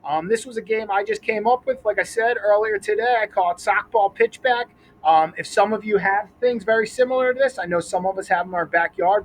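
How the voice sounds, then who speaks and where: A young man with a high voice coaches children through a catching game outdoors at a school. He is upbeat and counts each catch aloud. Faint background noise sits under his voice. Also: poor audio. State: out of breath. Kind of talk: teaching a backyard ball game to kids.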